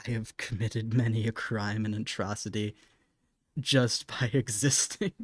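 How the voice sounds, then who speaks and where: A man's voice: lowish voice, steady tone, unhurried, no room sound, studio quality. A young man chatting casually on a live stream while he draws, laughing often and apologizing in a self-mocking way.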